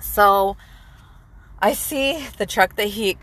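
A woman's voice: medium pitch, slow pace. A young woman in a casual chat, telling a story bluntly, swearing freely and saying "like" a lot. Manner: animated, blunt, swears freely, says "like" often.

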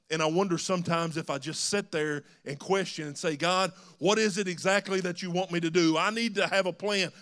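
A man's voice: high voice, a bit bright, smooth. A man preaching a sermon in a church, earnest and rising to emphatic calls. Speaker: pastor. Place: church sanctuary.

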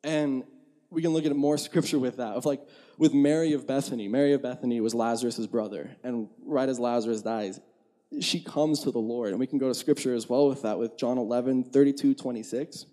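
Young man preaching in a mellow voice. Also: medium pitch, fairly even intonation, fairly quick. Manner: conversational, candid, acts out his own inner dialogue. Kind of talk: sermon.

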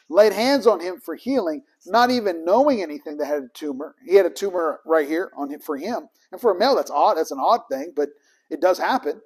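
A man's voice: sits high, husky. A man teaching a ministry training group in a casual, emphatic way, acting out both sides of the conversations in his stories.

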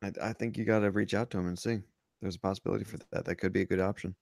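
A man's voice: low-pitched, fairly even intonation, very fast, creaky, a little mellow, no room sound. A man co-hosting a casual podcast, laid-back and making dry quips. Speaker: podcast co-host.

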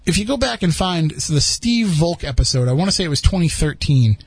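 A man's voice: fairly high pitch, big pitch swings, fairly quick, slightly rough, dry recording. A man hosting a podcast, chatting casually and rambling with frequent restarts. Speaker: podcast host. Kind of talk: casual chat.

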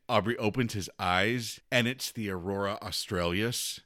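Man, lowish voice, podcast co-host, dry close mic; lively recapping with laughs. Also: moderate pace, few pauses, no room sound. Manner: animated storytelling, laughs often. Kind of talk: casual book chat.

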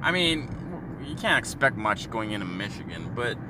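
A man's voice: fairly low pitch, big pitch swings, moderate pace. A Canadian man in his thirties from Ontario, ranting and joking crudely, with lots of swearing. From Sault Ste. Marie, Ontario, Canada. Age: 30s. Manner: crude, mocking, joking with profanity. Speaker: vlogger. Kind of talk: profane ranting monologue. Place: in a moving car. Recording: road noise from a car.

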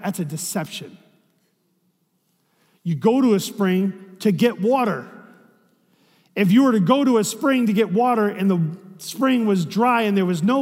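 A man's voice: high voice, darkish tone, long reverb tail. A man preaching a sermon as a pastor, in a conversational way, often asking rhetorical questions.

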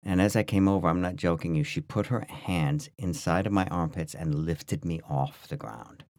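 A man with a very low voice tells a story on a podcast, loose and rambling, with lots of restarts and fillers. The sound is dry and close, with no room behind it. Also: normal speed, dry recording. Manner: rambling, full of restarts and "like", animated. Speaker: podcast co-host. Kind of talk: casual storytelling chat.

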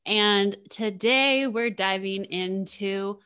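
A young woman hosting a podcast in a loose, candid chat. Her voice sits a little low for a woman, and she often circles back on her words and laughs as she goes. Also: normal speed, a bit bright. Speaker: podcast co-host.

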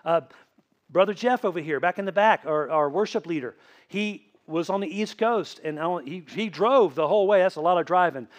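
High-voiced Tennessee pastor preaching. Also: male voice, a little fast, muffled recording. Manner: asks the congregation questions, answered with "right?". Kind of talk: sermon. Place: church.

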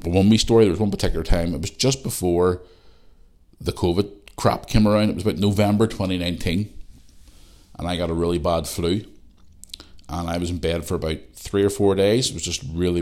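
A deep-voiced, middle-aged man talks alone on his podcast. He rants bluntly and casually, swearing freely as he goes. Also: darkish tone. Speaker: podcast host. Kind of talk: casual monologue.

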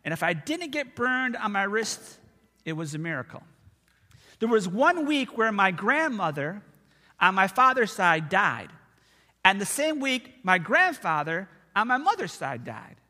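A man's voice: sits high, measured pace. A man preaching a sermon to his church, telling stories from his own life in a loose, chatty way. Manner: conversational storytelling, animated and expressive. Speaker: pastor. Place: church sanctuary. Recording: long church hall reverb.

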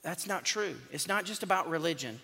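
A man's voice: fairly high pitch, animated, a little fast, creaky, pushed and bright, slightly rough. A male pastor, preaching a sermon in a conversational, joking and emphatic way. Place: church sanctuary. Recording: long church hall reverb.

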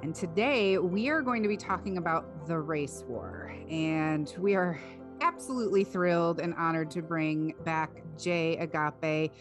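A woman's voice: low-pitched, expressive, a little slow, soft background music. A woman co-hosting a faith podcast, talking candidly and chattily with many fillers. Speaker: podcast co-host. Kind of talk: casual faith podcast chat.

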